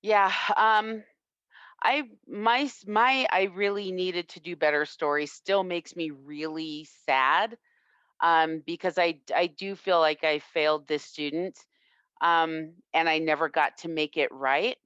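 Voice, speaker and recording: A woman self-defense instructor telling a personal story in an interview, reflective and earnest with halting restarts. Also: low-pitched, fairly bright tone, clear, resonant tone, dry recording. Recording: dull lo-fi, dry sound.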